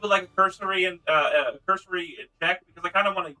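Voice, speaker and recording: Bright, high, brash man off-mic. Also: quick pace, faint music behind, rough recording. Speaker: player. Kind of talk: tabletop game play.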